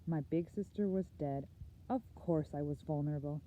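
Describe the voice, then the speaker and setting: Low, mellow-voiced woman reading aloud. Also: normal speed, lo-fi sound. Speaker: audiobook reader. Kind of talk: first-person novel reading.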